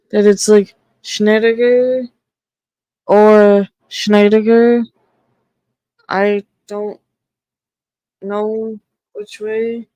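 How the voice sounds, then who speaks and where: A woman's voice: mid-range voice, mellow, no echo, poor audio. A woman giving casual commentary on a podcast, thinking aloud and swearing freely. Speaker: podcast reviewer.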